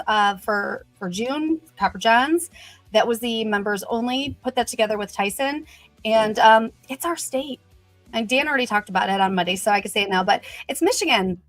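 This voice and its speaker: Casual chatty woman hosting a livestream, kinda high voice, faint music behind. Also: dry recording. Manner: chatty and upbeat, many "you know" fillers. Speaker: host of a brand livestream. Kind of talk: casual livestream chat, greeting viewers and reading comments.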